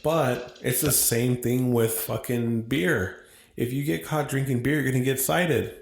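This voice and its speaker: A man with an American accent co-hosting a casual podcast, talking in an animated, opinionated way and swearing freely. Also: mid-range voice, unhurried, vocal fry, echoey room. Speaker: podcast co-host. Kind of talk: casual chat.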